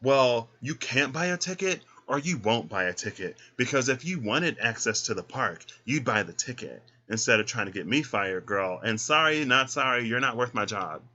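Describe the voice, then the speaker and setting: A man's voice: low voice, level tone, a little slow, sharp tone. A man playing a sassy ticket clerk. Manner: sassy, apologetic then cutting. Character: weary theme park ticket clerk, firm and sassy. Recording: dull lo-fi sound.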